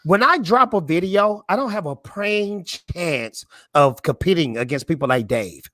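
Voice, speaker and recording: A man, a guest YouTuber in a casual film chat, animated and emphatic, repeating his points. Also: sits high, moderate pace.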